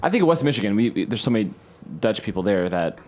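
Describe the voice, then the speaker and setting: A man's voice: on the low side, sing-song, quick pace, a little mellow. A man co-hosting a podcast, throwing in dry quips and questions. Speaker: podcast co-host. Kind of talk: casual chat.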